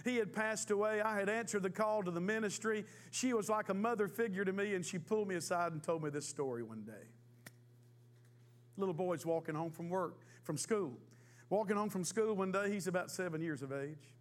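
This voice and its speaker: A man's voice: sits high, a little fast. A man in his fifties, a pastor, preaching a sermon in a folksy storytelling way with emphatic repetition. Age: 50s.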